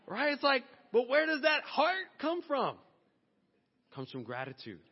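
Male pastor, high voice, animated casual sermon with acted asides, muffled echoey church sound. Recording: dull long-reverb hall sound.

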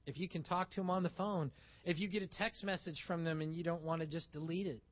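A male pastor preaching a sermon, animated and acting out little dialogues as he goes. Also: on the high side, quick pace, dull audio.

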